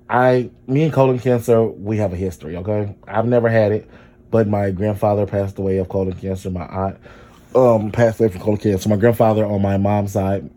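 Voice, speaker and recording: A man's voice: lowish voice, dark tone. A young man hosting a casual solo podcast, chatty and rambling, with lots of fillers as he talks through his feelings. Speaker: podcast host.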